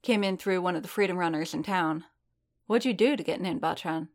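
A woman's voice: on the low side, fairly quick, lightly acted. A woman voicing a wary young alien dancer who talks bluntly and wryly and trails off.

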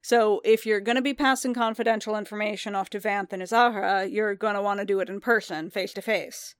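A woman voicing a dry, even-toned bounty hunter. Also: mid-range voice, brisk, smooth, no room sound, lightly acted.

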